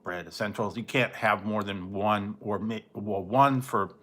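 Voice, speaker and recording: A man's voice: on the low side, steady tone, a little slow, a bit bright. A man hosting a casual livestream, rambling and chatting, often laughing and mimicking other people. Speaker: livestream host. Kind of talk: casual late-night livestream chat.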